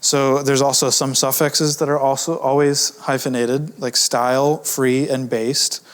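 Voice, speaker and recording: A man of middle pitch teaching a grammar lesson in a loose, conversational style. He slows down to stress each example word and drops in fillers and restarts as he talks. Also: level tone. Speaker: grammar course teacher, editor. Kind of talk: recorded lesson.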